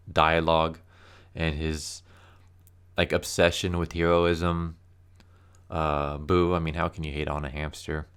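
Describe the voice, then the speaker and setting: A man's voice: sits low, a bit bright, clean tone. A young man casually reviewing a comic book issue, rambling with lots of fillers and restarts.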